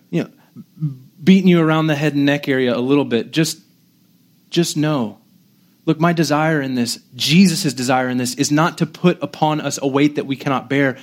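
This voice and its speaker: A man preaching a sermon in a conversational, animated way, poking fun at himself and often restarting sentences. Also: on the high side. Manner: conversational, animated, self-deprecating, with frequent restarts. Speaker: pastor.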